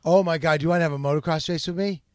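Eager male co-host pitching requests. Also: steady tone, racing, a little mellow, dry recording, clean studio sound. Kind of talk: casual comedic banter.

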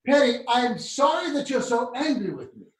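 A man's voice: extremely high pitch, sing-song, moderate pace, reverberant. A man on a video call, talking in a prissy, theatrical and genteel way, as in a comic bit. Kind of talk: comic affected chat.

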